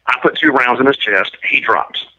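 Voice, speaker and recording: A man's voice: mid-range voice, normal speed, sharp tone. A man giving an interview and telling a story in a blunt, matter-of-fact, detailed way. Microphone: prison phone line. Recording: muffled lo-fi line.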